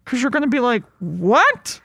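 A woman's voice: medium pitch, animated, moderate pace, no echo, studio quality. A woman co-hosting a casual movie podcast, rambling and jokey, slipping into silly voices for bits. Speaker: podcast co-host.

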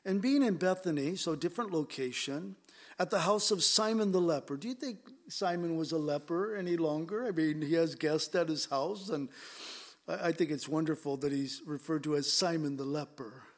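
A male pastor with a slightly higher-pitched voice, preaching in an emphatic, conversational way. He leans on rhetorical questions as he works through the verses. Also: moderate pace. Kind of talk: expository sermon.

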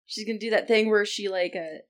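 A woman playing a tabletop role-playing game, explaining her moves casually with many fillers. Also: mid-range voice. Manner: casual, fast, full of fillers. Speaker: player.

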